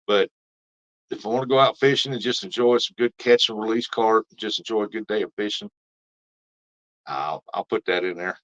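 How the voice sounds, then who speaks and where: A fairly low-voiced man hosting a fishing live stream, talking in a loose, rambling way and reading viewer comments aloud. The audio is dull and lo-fi, like a basic stream mic. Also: moderate pace, fairly bright tone. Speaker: fishing livestream host. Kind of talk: casual live-stream chat.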